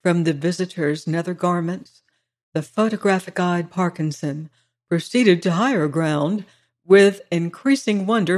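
A steady audiobook voice narrating an old-fashioned story. The reading is measured and even, with a mid-range pitch. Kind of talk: scripted narration of a classic story.

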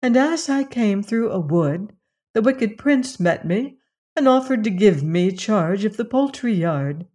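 A woman voicing a gentle, polite young princess in a storybook reading, speaking softly. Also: mid-range voice, animated, a little slow. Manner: soft and polite.

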